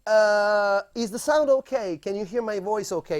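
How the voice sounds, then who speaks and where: A man's voice: high-pitched, normal speed, hardly any pauses. A man, a music producer hosting a casual live stream, playfully chatting and greeting viewers by name. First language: Italian. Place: home room in London.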